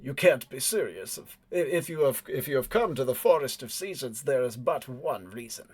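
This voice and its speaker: A man voicing a gruff, heavy-set uniformed man in a tabletop game who is befuddled and impatient. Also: medium pitch, lively intonation, moderate pace, a little mellow.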